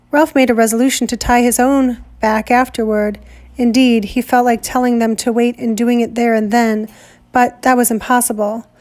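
A woman teacher reading a novel aloud in a measured, deliberate way. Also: fairly high pitch, darkish tone.

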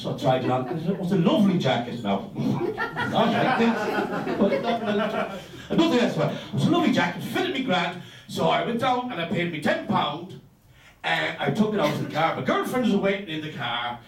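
A man doing stand-up, telling a story in an animated, swearing, exaggerated way. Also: high voice, moderate pace, crowd noise. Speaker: stand-up comedian. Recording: roomy sound from a distant mic.

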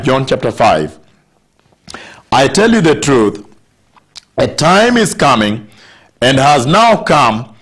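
A man preaching a sermon, stressing scripture words emphatically and slowing down on key phrases. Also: fairly high pitch.

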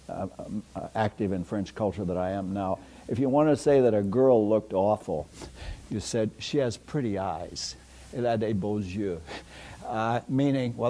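An older man delivers a university philosophy lecture in a fairly low voice. He rambles and digresses, filling pauses with "uh" and restarting sentences. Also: warm tone. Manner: rambling, digressive, many "uh" fillers. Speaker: philosophy professor. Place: lecture hall. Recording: lecture hall recording.

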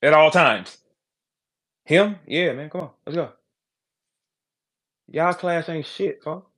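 A man hosting a live audio call, trash-talking loudly and then turning low and calm. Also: takes it slowly. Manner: loud, brash trash talk, swings to low calm. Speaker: battle rap host.

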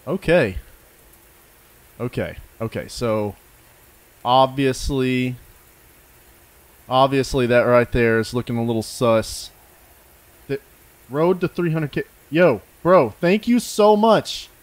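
A man streaming a storm-chasing game live, hyped up, shouting thanks to donors and sometimes out of breath. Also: medium pitch, takes it slowly, pauses often. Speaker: gaming streamer.

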